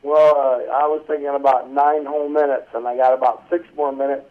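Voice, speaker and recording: A man of middle pitch, rambling through stories with folksy, salty language. He is calling in to the interview. The sound is thin and phone-like. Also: level tone, a little fast. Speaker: guest, pig farmer. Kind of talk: casual phone interview storytelling. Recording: tinny phone line.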